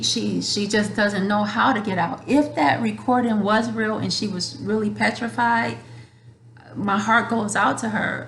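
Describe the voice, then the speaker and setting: A woman vlogger speaks straight to her viewers, earnest and emotional, circling back over her words. Her voice has a gravelly edge in a roomy, echoey room at home. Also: mid-range voice, a bit bright, a little hiss or hum. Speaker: channel host. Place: home room with a dryer running.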